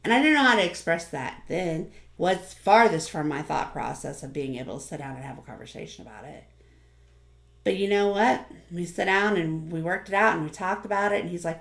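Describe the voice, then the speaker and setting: A woman's voice: on the low side, gravelly, echoey room. A woman YouTuber giving an earnest, encouraging motivational talk to the camera, often repeating phrases.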